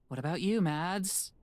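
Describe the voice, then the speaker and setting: A man voicing a wary, easygoing young woman in a gently reassuring voice while reading a game aloud. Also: sits high, creaky, voice pushed up, heavily acted.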